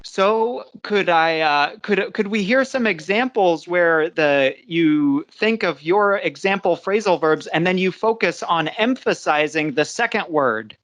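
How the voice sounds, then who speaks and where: An English teacher leading a live online class, talking slowly and patiently and often restarting a sentence. The voice sits at an ordinary pitch, and the sound is close and dry with no room around it. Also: animated, a bit bright, no room sound. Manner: slow, patient explaining with frequent restarts. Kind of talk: live online language lesson.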